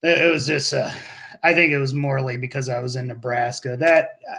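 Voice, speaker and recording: A man hosting a casual podcast chat, talking in a relaxed, hesitant way. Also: mid-range voice, a little fast, vocal fry. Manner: relaxed, hesitant, with many restarts.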